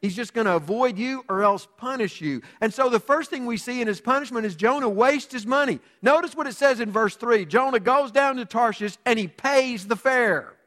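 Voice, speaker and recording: Male pastor, higher voice, dramatic sermon delivery, reverberant hall. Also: moderate pace, hardly any pauses. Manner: dramatic preaching, swinging from loud to hushed.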